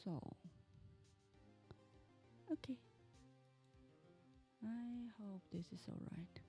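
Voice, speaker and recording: A woman streamer chatting casually and hesitantly while playing a game, with soft half-whispered asides. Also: mid-range voice, extremely slow, soft background music. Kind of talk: casual gameplay chat.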